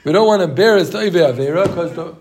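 A man's voice: high-pitched, lively intonation, fast talker, darkish tone. A man teaching a casual Talmud class, mixing English with Hebrew and Yiddish terms and repeating himself as he works through the text.

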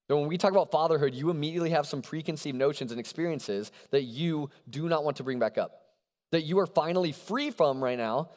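A young adult man preaching a sermon to a college crowd, animated and conversational, often checking in with his listeners. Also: mid-range voice. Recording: long hall reverb.

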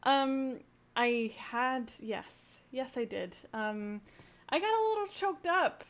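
A woman chatting as a podcast guest, earnest and a little hesitant, pausing often to find her words. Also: high-pitched, animated. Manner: earnest, hesitant, many "um"s and restarts. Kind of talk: casual chat.

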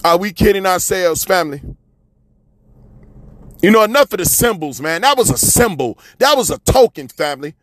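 High-pitched preachy man on radio. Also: lively intonation, normal speed, long pauses, dry recording. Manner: preachy, repetitive, calls listeners "family" and "man"; swings from loud shouting to low mutters. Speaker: radio commentator. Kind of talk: fiery street-talk commentary.

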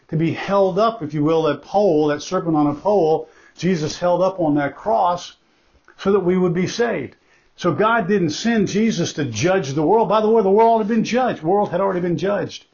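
A man preaching a sermon as pastor, emphatic and conversational, repeating key phrases for stress and breaking off into asides. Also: sits high. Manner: conversational, with asides and self-corrections. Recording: dull lo-fi recording.

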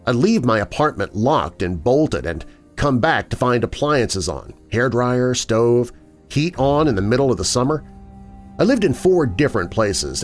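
A man hosting a show and narrating listener horror stories in a measured storytelling manner. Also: medium pitch. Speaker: host and narrator. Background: faint music.

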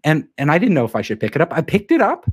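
A man telling an anecdote in a casual interview, animated and acting out the quoted dialogue. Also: fairly high pitch, quick pace, breathy edge. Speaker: guest telling a career story.

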